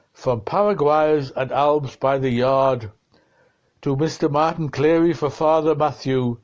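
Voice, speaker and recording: A man reading a dense novel aloud, slow and deliberate, shifting his tone for the quoted exchanges. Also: medium pitch, darkish tone, lo-fi sound. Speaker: reader of a novel.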